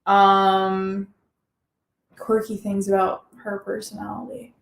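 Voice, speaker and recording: A woman's voice: mid-range voice, completely flat delivery, slow, vocal fry, roomy sound. A woman hosting a casual chat, talking loosely with a lot of "like" and laughing easily. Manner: chatty, lots of "like", laughs easily. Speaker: channel host.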